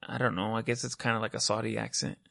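A man's voice: level tone, fast, gravelly, bright, forceful tone. A man hosting a casual podcast chat, teasing his guest and saying dude constantly. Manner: teasing, says dude constantly, jumps into high mocking voices.

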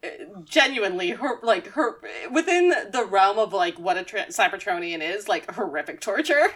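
A woman's voice: medium pitch, very animated, moderate pace, a bit bright. A woman co-hosting a podcast, chatting casually with joking, giggly asides. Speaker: podcast co-host. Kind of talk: casual chat.

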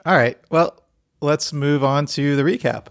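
A man co-hosting a casual podcast chat, making deadpan jokes and stumbling over his words. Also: fairly high pitch, a little slow, soft background music. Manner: deadpan joking with stammered restarts. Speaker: podcast co-host.

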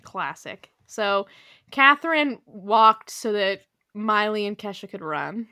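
A woman's voice: medium pitch, animated, slow, pushed and bright, no echo, clean studio sound. Chatty young woman recounting history. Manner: chatty, laughs often, many "like" fillers. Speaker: podcast host. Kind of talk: casual history chat.

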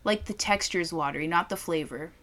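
A woman's voice: on the low side, brisk, a bit bright, slight background noise. Chatty young woman tasting beer. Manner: chatty, swears freely, acts out quotes. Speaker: co-host. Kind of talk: casual chat, beer tasting.

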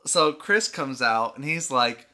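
A young man co-hosting a podcast, chatting casually and telling an animated story with plenty of swearing. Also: medium pitch, slow. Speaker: podcast co-host. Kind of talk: casual chat.

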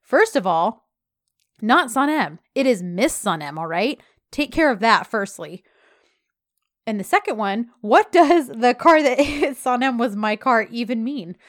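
A woman's voice: a little high, expressive, measured pace, no room sound, clean studio sound. A woman voicing a flustered, jealous young man who answers with sarcastic, indignant retorts. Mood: mocking.

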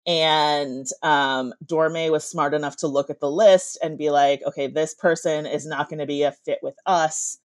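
Lisping woman with a low voice. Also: dry recording. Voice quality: slight lisp on z sounds. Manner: animated storyteller, quick asides. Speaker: author. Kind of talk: casual podcast chat.

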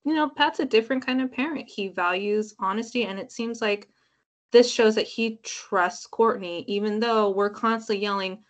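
A woman's voice: on the high side, moderate pace, highs cut off. A woman co-hosting a podcast, talking casually and chattily with lots of filler words. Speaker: podcast co-host. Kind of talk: casual chat.

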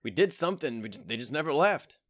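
A co-host chats casually with friends on a podcast and tosses in easy jokes. The delivery is relaxed. The sound is dry and close. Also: medium pitch, fast, no echo. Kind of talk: casual chat.

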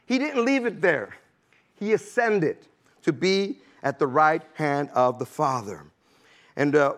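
High-voiced man preaching a casual sermon. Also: fairly bright tone. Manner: conversational, checks in with the congregation with "amen?" and "okay?"; laughs lightly between points.

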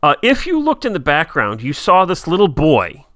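A podcast co-host chats casually about a TV episode in a high, sharp voice whose pitch swoops wildly, at normal speed. He hesitates, uses many fillers, and reads quotes aloud; the recording is dry and studio quality.

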